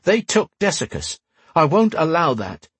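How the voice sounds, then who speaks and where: A man reading an audiobook, voicing a defiant young male wizard with a breathy, raised voice. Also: fairly high pitch, very animated, unhurried, no echo, exaggerated voice. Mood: indignant. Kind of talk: audiobook character voice.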